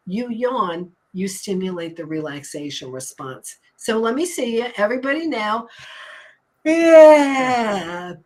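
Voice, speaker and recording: A woman's voice: mid-range voice, a bit bright, poor audio. A woman talking as a hypnotist and stress coach on a talk show, upbeat and emphatic, explaining things like a teacher. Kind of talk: casual talk show chat.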